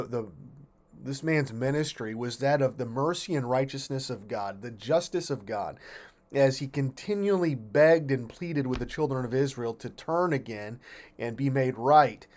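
A man leading a weekday family devotion as pastor, earnest and emphatic, often restarting his phrases as he explains a bible passage. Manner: earnest, emphatic, rises in pitch and volume when reading scripture; frequent restarts and fillers.

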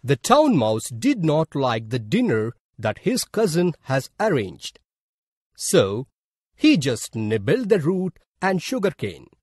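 A man with an Indian English accent tells a children's story slowly and expressively. His voice is somewhat husky and fairly high, recorded dry and close. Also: huge pitch swings, a little mellow, no room sound. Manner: slow, deliberate storytelling. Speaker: narrator. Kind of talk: scripted storybook narration for a school lesson.

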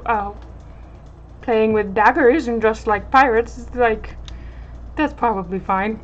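A woman streaming a game, making quiet, wry asides between the character voices. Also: on the high side, takes it slowly, pauses often, highs cut off, slight background noise. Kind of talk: casual game commentary.

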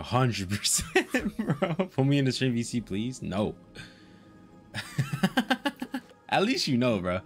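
A young man live-streaming a game, chatting casually, swearing and laughing often in an excitable way. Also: low-pitched.

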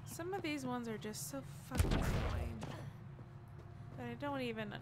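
A woman talks through her gameplay in a raised voice, grumbling, cursing and making fun of herself as she searches. Steady noise runs underneath her words. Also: a little high, moderate pace. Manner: frustrated, swearing, self-mocking. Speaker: gamer. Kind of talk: casual gameplay commentary.

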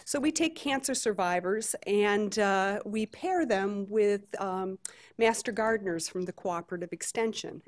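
A woman from Detroit moderating a conference panel, talking conversationally with many fillers. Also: mid-range voice. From Detroit, USA. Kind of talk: conference talk. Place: conference hall stage.

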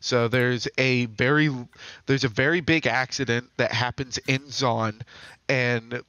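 A man's voice: medium pitch, steady tone, unhurried, sharp tone, no echo. A man co-hosting a podcast, retelling a game's lore in long, casual run-on stretches. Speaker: podcast co-host.

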